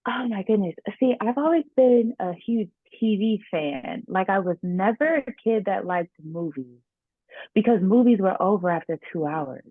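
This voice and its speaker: A young woman actress telling stories about herself in a casual, animated interview. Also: mid-range voice, moderate pace, no room sound. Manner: animated, laughing storyteller. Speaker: actress guest. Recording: dry tinny phone-like line.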